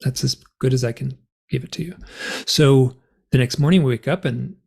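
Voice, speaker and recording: Gravelly, husky man telling a story. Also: mid-range voice, normal speed. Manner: animated, rambling, filler-heavy. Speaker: guest author and experiencer. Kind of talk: conversational storytelling.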